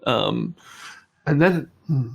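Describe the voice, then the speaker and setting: A young man speaking as an interview guest in casual conversation, halting with many restarts and fillers. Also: mid-range voice, animated, vocal fry, highs cut off.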